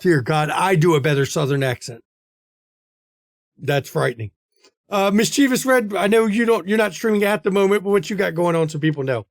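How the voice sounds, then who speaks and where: A man's voice: sits high, animated, a little fast, no room sound, studio quality. A man hosting a tabletop game stream, chatting casually and earnestly in the outro. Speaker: game master and host.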